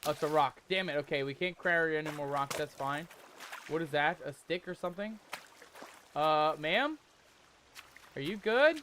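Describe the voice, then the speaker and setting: A man playing a survival horror game and commenting as he goes, calling his viewers "mateys" and shouting when he gets scared. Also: on the high side, normal speed, pauses often, slight background noise. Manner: jumpy, excitable, loud when scared. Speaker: gaming YouTuber. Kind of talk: let's play commentary.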